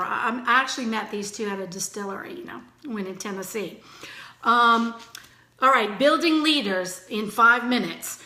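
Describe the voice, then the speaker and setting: A woman giving a chatty, energetic motivational training talk to her team, full of fillers. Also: fairly high pitch, normal speed, reverberant.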